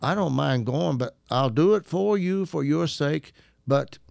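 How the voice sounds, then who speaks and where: A man's voice: a little high, unhurried, vocal fry, dry recording, clean studio sound. A man casually telling a story, acting out the people in it and laughing often. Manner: animated, acts out quoted voices, laughs often. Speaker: guest storyteller.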